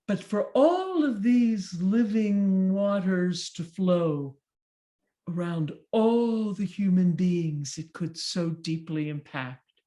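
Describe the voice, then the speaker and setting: A woman tells a folk tale at an unhurried pace, letting each line breathe. Her pitch swings widely as she acts out the moments. She slips into character voices and grunts of effort as the story needs them. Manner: animated, acting out voices and effort sounds. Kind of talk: performed folk tale telling.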